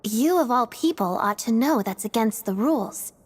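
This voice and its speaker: A woman's voice: a little high, expressive, normal speed, husky. A woman voicing a reserved, proud young female performer in a video game, curt and formal. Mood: aloof. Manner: cool, curt, sighing, formal.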